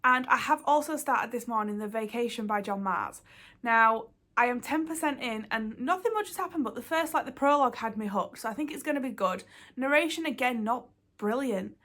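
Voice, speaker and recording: A woman's voice: on the high side, a little fast, a bit bright. A woman, talking casually to camera as a book vlogger, chatty and a bit rambling. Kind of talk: casual vlog chat.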